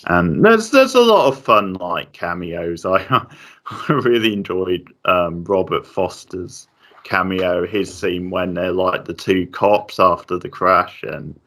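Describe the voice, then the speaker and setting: A man's voice: low-pitched, animated, slow, fairly bright tone. A man reviewing a film in casual chat, hesitant, with many fillers and restarts.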